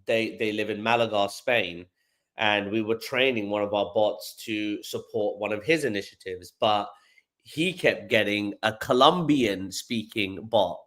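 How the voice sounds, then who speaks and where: A London man with a fairly low, slightly bright voice speaks a little slowly as a guest on a podcast interview. The founder of an AI company, he explains things at length with examples, often repeating words as he goes.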